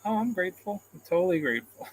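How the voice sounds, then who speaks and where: A man's voice: high-pitched, big pitch swings, quick pace, slight background noise, low-quality recording. A man hosting a casual live stream, reading out comments in a rambling, self-deprecating way and chuckling often, into a phone camera. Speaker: livestream host.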